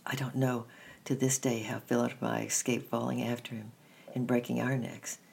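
A man reading a children's story aloud in a steady, measured first-person narration. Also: mid-range voice, vocal fry, breathy edge.

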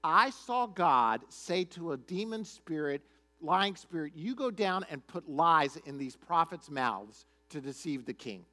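A pastor doing a stubborn prophet who speaks blunt truth with a dry, sarcastic edge. The voice drops lower and quieter than his own, though it still carries a high, lively lilt. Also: measured pace. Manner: flat, blunt, sometimes sarcastic.

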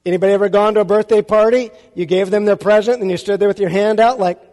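A male pastor preaches with emphatic force, firing rhetorical questions at his listeners. His voice sits very high, and the sound rings out with a long reverb. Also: steady tone, quick pace, darkish tone. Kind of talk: sermon.

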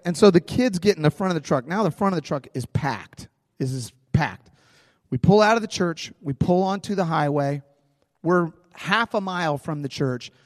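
A pastor telling a personal story in a sermon, conversational and animated, in a large church hall. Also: male voice, fairly high pitch, studio quality.

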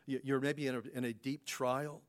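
A male pastor delivering a relaxed, conversational sermon at a mid pitch. He speaks in a folksy way, filling his talk with rhetorical questions and chuckling between points. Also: normal speed. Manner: folksy, rhetorical questions, frequent "you know" fillers.

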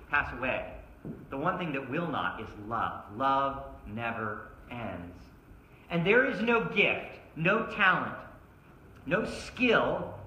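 A man's voice: fairly high pitch, pushed and bright, a little hiss or hum. A man preaching a sermon at a church service, emphatic and asking his listeners one rhetorical question after another. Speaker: pastor. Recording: roomy echo.

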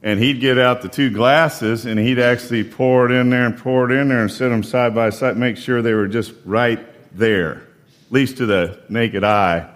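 A man in his fifties preaching a sermon, telling folksy personal stories in an unhurried way and reading scripture. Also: mid-range voice, fairly even intonation. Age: 50s.

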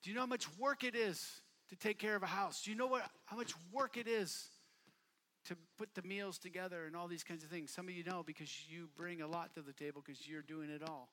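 A man preaching a sermon at a youth camp, casual and repetitive, building from quiet talk to shouting bursts. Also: high voice, steady tone, brisk, a little hiss or hum. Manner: casual, repeats phrases for emphasis. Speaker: youth pastor. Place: camp meeting hall.

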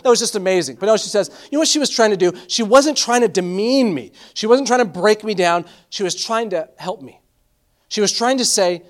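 High-voiced animated male pastor preaching. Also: fairly quick. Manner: animated preaching with quoted asides and restarts. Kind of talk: sermon.

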